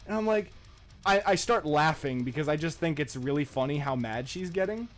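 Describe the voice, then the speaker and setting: A man's voice: a little high, a little fast, soft background music. A young man and podcast co-host, telling a story in casual chat, swearing freely and laughing as he goes. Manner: profane, laughing, animated retelling.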